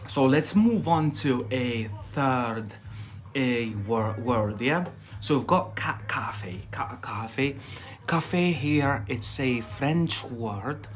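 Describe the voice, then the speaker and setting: A man teaching English in a live lesson, talking very slowly at an average pitch. He explains step by step, hesitates often with fillers and restarts, and keeps checking with a quick "yeah?". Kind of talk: live online vocabulary lesson.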